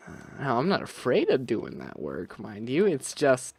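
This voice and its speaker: A young man who creates gaming videos thinks aloud over his gameplay, rambling to himself with plenty of restarts and asides. His mid-range voice is husky, moves at a normal speed, and swoops wildly in pitch.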